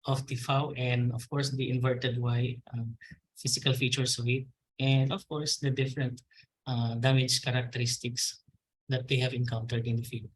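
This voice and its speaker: A man from the Philippines, an agricultural extension officer with a Filipino accent, answers webinar questions about farmer training. He sounds polite and hesitant, addresses the host as ma'am, and speaks at normal speed in a medium-pitched, flat voice. The recording is rough.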